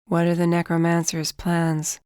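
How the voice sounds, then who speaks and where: An audiobook narrator voicing a cold male mind-reader who questions prisoners in a flat monotone, in a dry recording. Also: mid-range voice, measured pace, smooth, no echo, close to an everyday voice.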